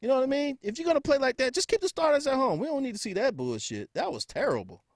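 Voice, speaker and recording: A man's voice: very high-pitched, very animated, fast, no room sound. A man hosting a casual sports podcast, joking, laughing often and greeting viewers by name. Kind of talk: casual live-stream chat with viewers.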